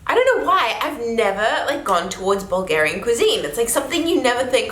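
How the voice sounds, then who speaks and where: A woman's voice: a little high, sing-song, normal speed, fairly bright tone. A young woman with a South African accent, chatting casually through a food taste-test vlog, exclaiming a lot. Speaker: vlogger. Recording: echoey room.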